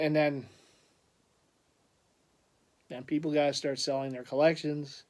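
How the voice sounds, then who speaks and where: A man's voice: on the high side, flat delivery, unhurried, darkish tone. A man chatting casually in a vlog, telling a rambling story with frequent laughs and restarts. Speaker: collector vlogger.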